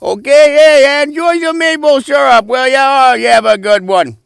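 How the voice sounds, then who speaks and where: A man doing a shouty Canadian announcer. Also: very high voice, steady tone, normal speed, gravelly, no room sound, pitched above the performer's own voice, heavily acted. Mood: blustery. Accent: put-on Canadian. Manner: shouty, hearty, says "eh" often. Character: brash loud Canadian public service announcer man. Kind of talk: comedy sketch ad parody.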